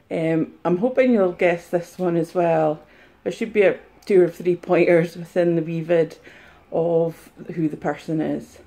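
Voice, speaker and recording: A woman chats casually to her viewers, soft-spoken and quick to giggle. Her voice is mellow and relaxed, recorded on a mobile phone in a room at home. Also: lowish voice. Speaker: vlogger. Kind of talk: casual chat to camera.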